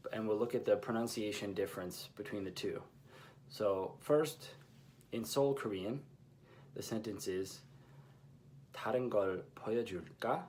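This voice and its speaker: A man teaching a language lesson, explaining pronunciation in a measured, patient way with pauses between phrases. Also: lowish voice, darkish tone, slight background noise.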